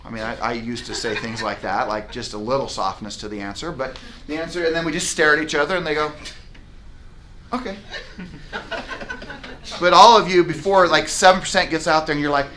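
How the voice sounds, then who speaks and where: A man's voice: a little high, normal speed, long pauses. A man leading a live sales training for real estate agents, talking emphatically and acting out client conversations. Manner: energetic, emphatic, acts out client dialogues. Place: training room with a whiteboard.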